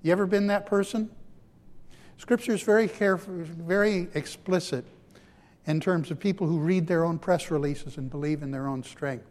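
A male pastor delivers a dramatic sermon, rising to loud, emphatic lines and then dropping to near-hushed ones. His voice sits a little higher than most men's. It rings out with the long reverb of a large hall. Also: moderate pace.

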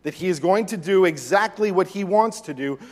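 A man preaching a sermon as pastor, animated, acting out voices from the text. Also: high voice, moderate pace. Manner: animated, acts out the disciples' lines. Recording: long reverb of a hall.

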